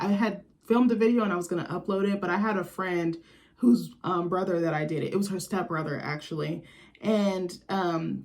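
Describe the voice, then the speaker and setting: Brief: young woman vlogger, casual film commentary, blunt and slangy, lots of jokes. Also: medium pitch. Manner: candid, joking, slangy and profane.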